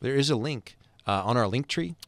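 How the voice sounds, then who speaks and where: A man co-hosting a podcast, chatting casually and telling expressive, animated stories. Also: medium pitch, fairly quick, dry recording. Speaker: podcast co-host. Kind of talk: casual chat.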